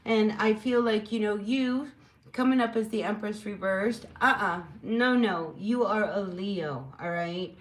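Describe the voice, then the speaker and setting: Brief: woman tarot reader, mid-pitched, talking casually and warmly to her viewers. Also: measured pace, low-quality recording. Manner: chatty, rambling, encouraging, with frequent fillers. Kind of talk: casual spoken tarot reading.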